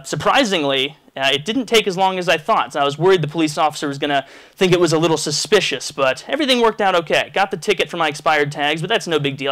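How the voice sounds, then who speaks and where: A man telling a crude, rambling story in a casual vlog, animated and full of restarts. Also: a little high, clear, resonant tone. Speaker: vlogger.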